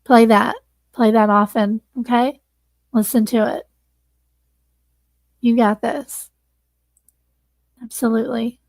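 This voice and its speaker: A woman's voice: a little high, fairly even intonation, takes it slowly, vocal fry, pauses often, darkish tone, dry recording. Emotional woman livestream host. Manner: emotional, earnest, thanking viewers. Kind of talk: casual livestream sign-off.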